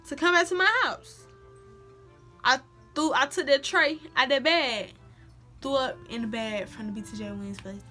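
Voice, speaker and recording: A young woman telling a personal story in a casual, slangy vlog, acting out quotes. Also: on the high side. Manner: animated, slangy, acts out quotes. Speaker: vlogger.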